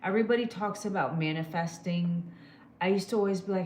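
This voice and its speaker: A woman's voice: on the low side, brisk, a little mellow, a little hiss or hum. A woman hosting a casual live stream, giving wellness advice directly and answering viewers with pet names. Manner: direct, calls viewers "girl" and "my love". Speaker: livestream host doing emotional scans. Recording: echoey room.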